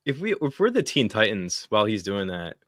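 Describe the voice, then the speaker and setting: A man's voice: on the low side, very animated, brisk, no room sound, studio quality. A man joining a casual group chat, playful and teasing.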